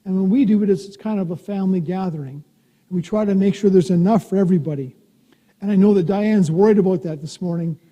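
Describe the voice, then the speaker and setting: Gentle, dark-voiced minister in a reverberant church. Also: medium pitch, fast. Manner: gentle, playful, talks simply to children. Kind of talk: children's time communion talk. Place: church sanctuary.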